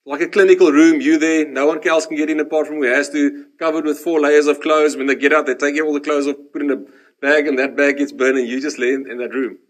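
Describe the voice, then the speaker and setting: High-voiced man preaching a lively testimony. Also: fast talker. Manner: animated storytelling, drops to hushed tones for reflective lines. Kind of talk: sermon with personal testimony.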